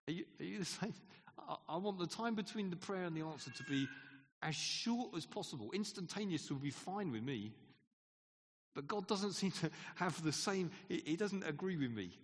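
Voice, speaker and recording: A man's voice: high-pitched, expressive, normal speed, a little hiss or hum. A man preaching a sermon in a conversational way, asking the congregation questions and laughing often. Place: church hall. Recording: long hall reverb.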